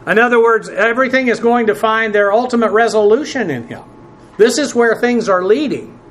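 A man teaching a Bible passage word by word from the Greek, spelling terms letter by letter and filling pauses with "uh". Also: very high-pitched, lively intonation, a bit bright. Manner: spells out Greek words letter by letter, many "uh" fillers; presses emphatic points with rising force.

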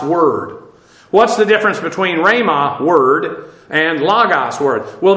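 Guy teaching bible greek, chatty and rambly, bright slightly high voice, echoey room. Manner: conversational and digressive, with many fillers and restarts. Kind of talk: verse-by-verse Bible teaching with Greek word study.

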